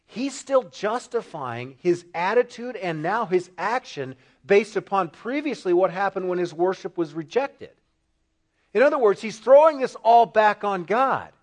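A man's voice: high-pitched, animated, unhurried. A man preaching an expository sermon, asking the congregation rhetorical questions and repeating phrases for emphasis.

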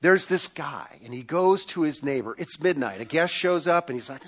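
A man preaching a sermon in an earnest manner, his voice sitting somewhat high for a man. He repeats words as he builds toward each point. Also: lively intonation, a little fast, few pauses. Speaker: pastor.

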